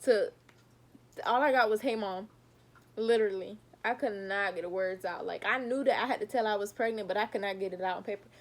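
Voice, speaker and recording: A woman's voice: mid-range voice, fairly quick. A young adult woman vlogging a casual storytime, talking straight to her viewers and animatedly retelling what happened.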